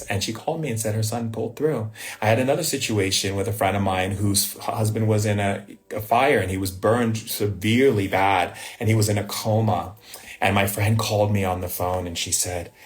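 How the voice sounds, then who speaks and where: A man's voice: fairly low pitch, normal speed. A man giving a live spiritual talk, telling personal stories with rhetorical questions and a frequent "right?". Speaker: spiritual teacher. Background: faint music.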